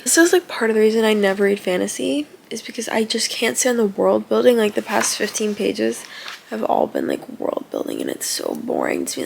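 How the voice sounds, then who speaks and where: A young woman vlogging about a book she is reading, reading passages aloud and reacting excitedly, with lots of "like" fillers. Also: medium pitch, brisk, vocal fry, slight background noise. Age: young adult.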